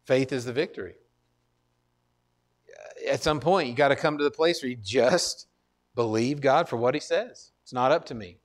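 A man's voice: medium pitch, normal speed, pauses often. A man pastor preaching a sermon in an earnest, conversational way, repeating key phrases and restarting his sentences. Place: church.

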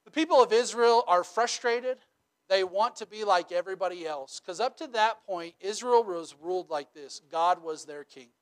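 A high-voiced male pastor preaches at a normal pace in an easygoing, conversational style, often asking "right?" and bringing his points to life with humorous, animated storytelling.

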